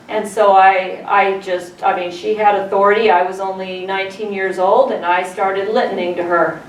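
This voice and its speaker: A woman's voice: medium pitch, steady tone, moderate pace, hardly any pauses, distant mic. A middle-aged woman leads a childbirth class, telling stories from her own labor and quizzing her students. Her voice sits in the middle of the range. The sound is roomy, with the camera well back and faint noise in the room. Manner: storytelling, asks the class questions. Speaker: childbirth educator.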